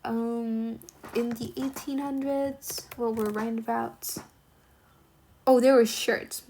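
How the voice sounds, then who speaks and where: A woman's voice: on the high side, fairly even intonation, slow, dark tone, slight background noise. A woman reading a classic novel aloud and explaining it as she goes, in a chatty, musing way full of fillers. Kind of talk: read-aloud lesson with commentary.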